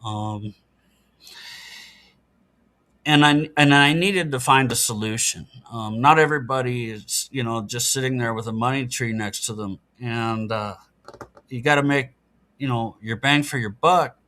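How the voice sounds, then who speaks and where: A middle-aged man appearing on a podcast speaks at normal speed in a mid-range voice that sounds pushed and bright. His casual interview talk is earnest and matter-of-fact as he explains things.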